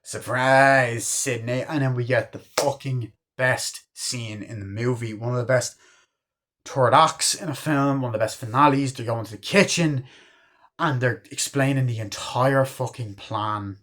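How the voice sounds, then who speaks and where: A man's voice: mid-range voice, moderate pace, a bit bright. A young man casually reviewing a film, rambling with lots of fillers and frequent swearing. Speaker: movie reviewer.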